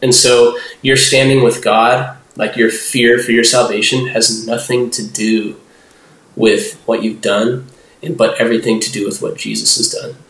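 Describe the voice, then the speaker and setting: Speaking a little slowly at medium pitch, this young man has a slightly bright voice with little pitch movement. As a podcast guest in casual interview conversation, he rambles, restarts his sentences, uses "like" a lot, and acts out voices, all in an echoey room.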